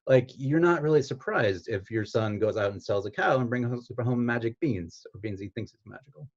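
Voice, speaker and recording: Male author, playful, self-deprecating, halting, muffled lo-fi audio. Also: mid-range voice, expressive, darkish tone. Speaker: children's author. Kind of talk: reading own story and talking on an online event.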